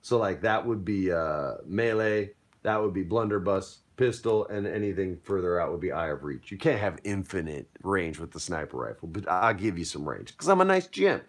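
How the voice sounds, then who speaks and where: A man's voice: low-pitched, sing-song, moderate pace, hardly any pauses. A man acting as game master, explaining dice rules and narrating a pirate fight in an upbeat, playful way.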